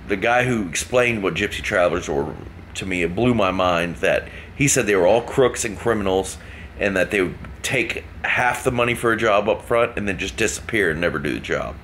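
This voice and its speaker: A man's voice: low-pitched, a bit bright, a little hiss or hum. A man casually telling a rambling, joking story to camera. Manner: rambling, joking, laughs at himself. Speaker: vlogger.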